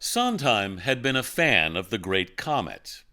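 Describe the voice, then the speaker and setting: A man narrating a television news feature as correspondent, in a measured, polished delivery. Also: on the low side, very animated, sharp tone.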